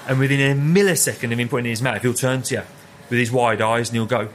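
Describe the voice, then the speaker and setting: A man's voice: mid-range voice, fast, a little hiss or hum. A young man, a head chef, chatting casually as an interview guest and telling rambling stories full of repeated words.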